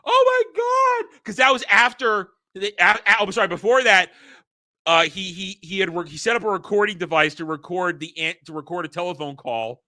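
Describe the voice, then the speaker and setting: A man hosting a casual vlog, ranting about a movie in an animated, exasperated way. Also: high-pitched, a little fast. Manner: animated, exasperated, acts out scenes. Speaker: host.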